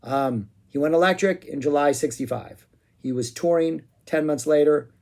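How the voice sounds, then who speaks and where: Excitable rambling man reviewing music. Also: on the high side, moderate pace, creaky. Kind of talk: casual spoken review.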